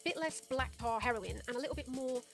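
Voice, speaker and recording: A woman's voice: sits high, a little fast, soft background music. A woman giving sarcastic, profane commentary as the host of a video essay. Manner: sardonic, profane, mocking.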